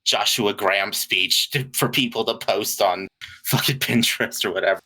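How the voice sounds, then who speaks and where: A man's voice: fairly low pitch, moderate pace, pushed and bright. A man co-hosting a podcast in casual chat, crude and joking and full of fillers. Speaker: podcast co-host.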